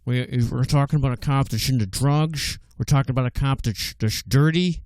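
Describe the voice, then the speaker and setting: A man's voice: mid-range voice, fairly quick, no room sound. A man co-hosting a radio talk show in casual chat, joking and laughing often, recorded on a studio mic. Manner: jokey, laughs often, bursts into loud impressions.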